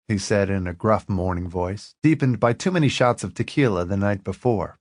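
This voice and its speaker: A man narrating an audiobook in an expressive, lively reading. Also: lowish voice, fairly quick, hardly any pauses, no echo, studio quality.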